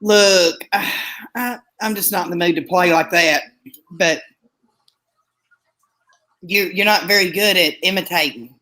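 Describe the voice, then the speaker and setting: A woman's voice: lowish voice, unhurried, long pauses. A woman co-hosting a casual livestream, reacting to callers and reading the chat aloud. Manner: animated, reads chat aloud. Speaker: livestream co-host.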